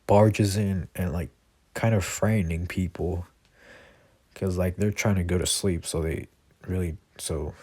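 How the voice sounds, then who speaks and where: A man's voice: deep voice, a little mellow, husky. A man at home improvising a fan story, rambling, with many fillers and self-corrections. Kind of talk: improvised fan-fiction narration.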